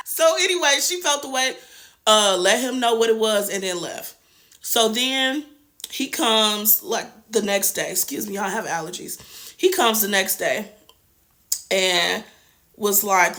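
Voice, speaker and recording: A young woman hosting a TV review show, recapping an episode in slangy, animated casual chat with sassy asides. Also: a little high, moderate pace. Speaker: TV review host.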